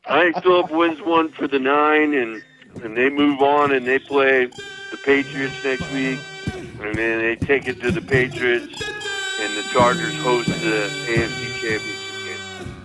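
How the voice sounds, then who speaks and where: A man's voice: medium pitch, steady tone, a little slow, over music, rough recording. A man co-hosting a casual sports podcast, making emphatic predictions with lots of restarts. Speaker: podcast co-host.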